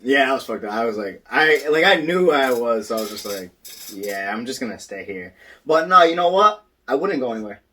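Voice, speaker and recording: Guy co-hosting a podcast, bright tone, swears and acts out what people said. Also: medium pitch, fairly quick, hardly any pauses, recorded from a distance, slight background noise. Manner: animated storytelling, acts out quotes, swears, laughs a lot. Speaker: podcast co-host. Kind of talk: casual chat.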